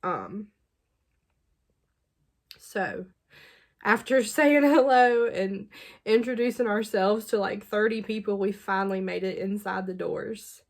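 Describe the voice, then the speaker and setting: Chatty woman in her 30s, slightly gravelly voice, rambly confessional storytelling full of ums. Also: medium pitch, slow pace, pauses often. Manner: chatty, many fillers and restarts, laughs between thoughts. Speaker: channel host sharing her faith story.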